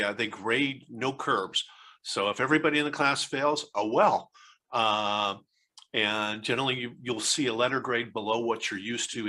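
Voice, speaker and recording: Bright-voiced American man in his 60s. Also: medium pitch. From United States. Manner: rambling, hesitant storyteller with many fillers and restarts. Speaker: interview guest, author. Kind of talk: casual interview conversation.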